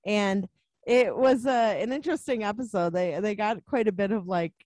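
A woman co-hosting a podcast in casual chat, playful and quick to laugh. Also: medium pitch, a little mellow, no echo, studio quality. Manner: playful, laughs often, does goofy voices. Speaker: podcast co-host.

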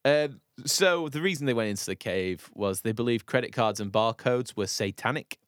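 A man's voice: mid-range voice, moderate pace, no echo, clean studio sound. A young man telling a story in casual chat as a podcast co-host, rambling and laughing with many restarts.

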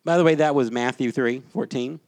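This Bible class teacher speaks a little fast, with a medium-pitched, slightly mellow voice and no echo. He keeps things chatty, tells stories, and puts questions to his listeners.

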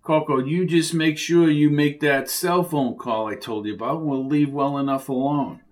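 A man voicing an older silver-haired mob boss with a Rhode Island accent, speaking in a measured, quietly threatening way. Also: on the high side, fairly even intonation, natural voice. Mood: cool menace.

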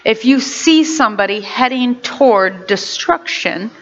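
A woman preaching a sermon, impassioned and animated, with sudden loud outbursts. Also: a little high, a little slow. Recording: dull lo-fi recording.

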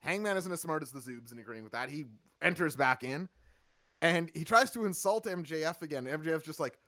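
A man's voice: a little high, animated, fairly quick, fairly bright tone, no echo, studio quality. A man hosting a casual podcast, reviewing wrestling with sarcasm and acting out quotes in funny voices. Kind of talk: casual chat.

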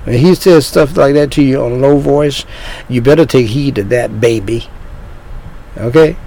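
A man preaching a sermon in a combative, lecturing way, dropping now and then into low, threatening asides. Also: moderate pace, gravelly, warm tone, slight background noise, poor audio.

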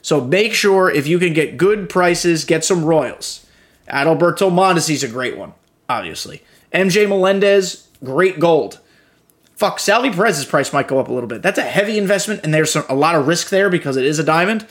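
A young man with a slightly high voice talks through game content in a loose, offhand podcast ramble. He swears freely and drops plenty of ums and uhs as he goes. His delivery is casual and unscripted. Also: animated, normal speed, a bit bright. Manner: loose and profane, with frequent fillers. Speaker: podcast host. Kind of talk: casual gaming commentary.

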